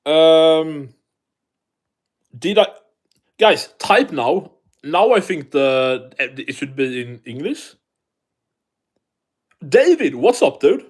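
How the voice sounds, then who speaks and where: A man's voice: on the high side, very animated, drawn-out words, pauses often. A man from Sweden, hosting a casual live stream, chatting and reading the chat aloud while swearing freely.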